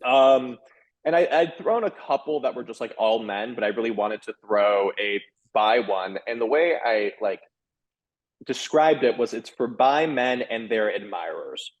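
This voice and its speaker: A man's voice: medium pitch, unhurried, lo-fi sound. A man in his thirties, an author and sex columnist, talking frankly and animatedly as a guest, with many restarts and fillers. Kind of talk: candid conversational interview.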